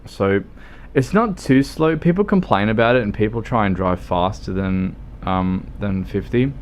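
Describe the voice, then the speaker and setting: A man's voice: on the low side, animated, moderate pace, a little hiss or hum. An Australian man chatting casually as a livestreamer over gameplay, rambling and joking with plenty of swearing. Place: home streaming setup.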